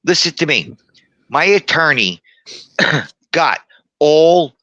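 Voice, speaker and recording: A man's voice: mid-range voice, sharp tone, dry recording, highs cut off. A middle-aged man telling rowdy, profane tall tales as a guest, combative and boastful. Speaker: guest storyteller. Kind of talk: rowdy bar-room storytelling.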